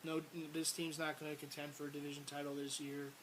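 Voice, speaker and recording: Casting note: rambling, exasperated male fan vlogger, a touch high, faint hiss behind. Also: monotone, quick pace, low-quality recording. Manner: frustrated, rambling, repeats words, bursts of exasperated shouting. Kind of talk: casual sports rant to camera.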